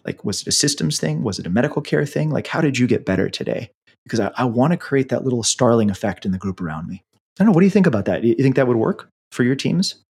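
A man's voice: medium pitch, big pitch swings, quick pace, gravelly, a little mellow, breathy edge. A man, an emergency physician, teaching in casual conversation and telling stories animatedly with many fillers.

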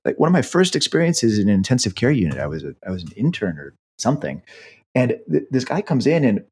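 A man's voice: medium pitch, very animated, fast talker, darkish tone, slightly rough. A man, an emergency physician, teaching in casual conversation and telling stories animatedly with many fillers.

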